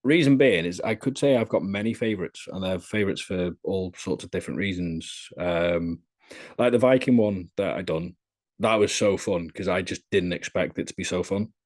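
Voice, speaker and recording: A young man talking casually as a podcast guest, telling stories in a lively, chatty way. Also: low-pitched, normal speed. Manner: lively, chatty storyteller, often laughing. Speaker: interviewee.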